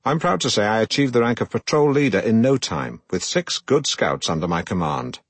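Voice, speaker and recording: An actor playing a pompous, self-regarding middle-aged broadcaster who narrates his own memoir in a deadpan way. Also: fairly low pitch, a little fast, breathy edge, no echo. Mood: self-important. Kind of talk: comic audiobook narration.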